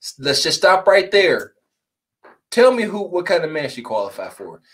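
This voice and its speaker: High-voiced man mocking a caller. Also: sing-song, normal speed, a bit bright. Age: 40s. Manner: mocking, joking, blunt. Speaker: podcast co-host. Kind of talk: reaction commentary.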